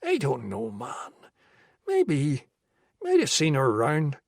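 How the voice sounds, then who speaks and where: A man's voice: mid-range voice, wildly swooping pitch, slow, no echo, clean studio sound, exaggerated voice. A man voicing a guarded, evasive Irish drug dealer with a thick brogue, reading a crime audiobook. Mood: wary.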